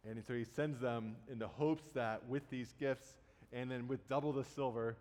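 A man's voice: mid-range voice, fairly even intonation, moderate pace, a little mellow. A man preaching a sermon, retelling a Bible story in a conversational way and casually acting out the quotes. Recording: long hall reverb.

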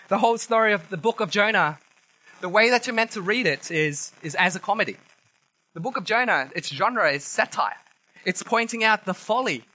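A man preaching a sermon, telling the story in a lively, animated way and acting out quoted voices. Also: high voice, low-quality recording.

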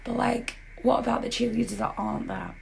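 Gravelly-voiced woman with a sore throat. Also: on the high side, fairly quick. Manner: chatty, animated asides. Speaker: podcast co-host. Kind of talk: casual chat.

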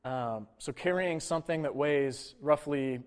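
A man preaching a sermon in a conversational way, with casual asides and quick mock voices. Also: a little high. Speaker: pastor.

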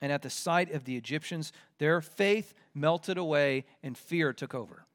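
Male pastor, higher-pitched, expository sermon delivery with lively acted-out complaints. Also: moderate pace. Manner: expository preaching with acted-out complaints and rising emphasis.

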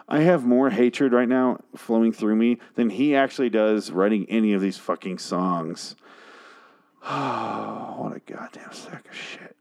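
Drunk man ranting angrily, low voice. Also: darkish tone. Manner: angry, profane, exasperated ranting. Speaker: show host. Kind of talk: comedic rant reviewing song lyrics.

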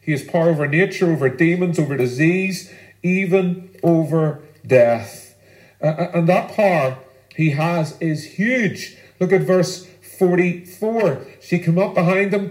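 A pastor preaches a sermon earnestly and emphatically, using pauses to give his words weight. His voice is a little higher than most men's, with a darkish tone, and a roomy echo surrounds it.

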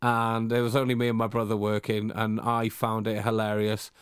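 A young man co-hosting a chatty podcast rambles through a story with lots of restarts and self-mocking asides. His voice is smooth and resonant, and it sounds dry and close with no room echo. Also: on the low side, monotone, normal speed. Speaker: podcast co-host. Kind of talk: casual storytelling chat.

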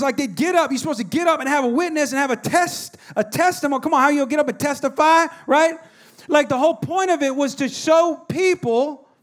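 A man, preaching a sermon and telling stories, shifting between hushed, soft moments and loud exhorting. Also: extremely high pitch. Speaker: pastor.

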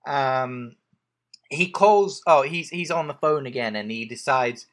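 Lively, rambling man recapping a movie. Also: mid-range voice, unhurried. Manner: rambling, joking recap full of "um"s and restarts. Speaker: podcast co-host recapping a film. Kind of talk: casual chat.

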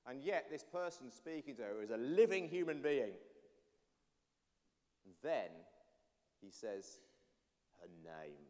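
A man, a pastor, giving an animated all-age sermon and addressing the children directly. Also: medium pitch, slow pace, long pauses. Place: church. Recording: long church reverb.

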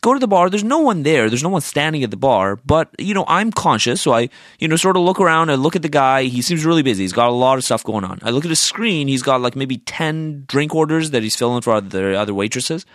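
A man's voice: medium pitch, animated, fast talker, hardly any pauses, fairly bright tone, no echo, studio quality. A young man telling a story in a casual rant, exasperated, swearing and sarcastic.

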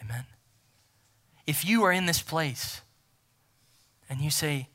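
Male pastor, brighter and a touch higher than most men, preaching with emphatic repetition and sudden hushed passages. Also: animated, takes it slowly, long pauses. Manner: emphatic, repeats key phrases, swings from loud to near-whisper. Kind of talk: sermon.

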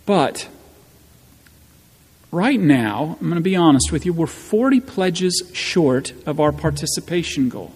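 A man preaching a sermon as pastor, slow and emphatic, with wry asides, in a church. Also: a little high, expressive, a little mellow, breathy edge. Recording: long church reverb.

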